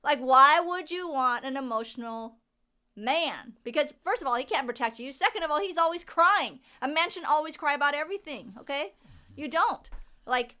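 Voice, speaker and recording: A woman's voice: high voice, expressive, moderate pace, sharp tone. A woman co-hosting a podcast with her husband, giving blunt, opinionated views in a conversational way. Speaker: podcast co-host. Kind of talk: casual podcast chat.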